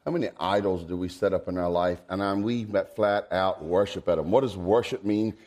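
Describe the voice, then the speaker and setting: A man, preaching a folksy sermon. He swings from low asides to high, emphatic exclamations. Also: a little fast, darkish tone. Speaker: pastor.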